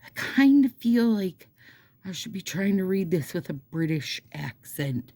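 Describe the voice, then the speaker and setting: A woman's voice: on the low side, big pitch swings, measured pace, a little mellow, no echo. A middle-aged woman with a Minnesota accent who chats casually to her viewers while doing her nails. She rambles and makes self-deprecating asides, and now and then reads a passage aloud. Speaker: nail product vlogger.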